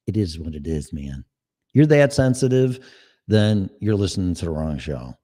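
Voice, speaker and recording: A middle-aged man, the host of his own show, delivers a blunt, profanity-laced rant. His voice sits a little low, and he argues his point without softening it. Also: big pitch swings, normal speed. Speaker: podcast host. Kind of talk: solo opinion rant.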